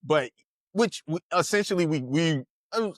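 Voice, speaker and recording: A podcast co-host in his thirties tells stories in a loose, slangy way, restarting sentences and laughing along. His voice sits a little high. The sound is close and dry. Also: animated, a little slow, dry recording. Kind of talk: casual podcast chat.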